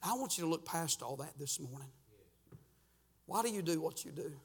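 A middle-aged man preaching a revival sermon and altar call in a church, swinging from loud, fervent rhythmic urging to hushed near-whispers. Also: fairly high pitch, expressive, moderate pace, breathy edge. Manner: fervent, rhythmic preaching with sudden soft drops. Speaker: pastor. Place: church sanctuary.

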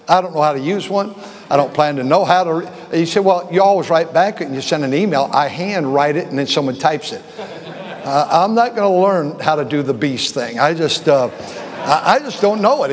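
An older male pastor with a high voice rambles through an informal sermon story, chuckling and restarting his sentences. His voice rings out with a long reverb that fills a large church sanctuary. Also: lively intonation, normal speed, husky.

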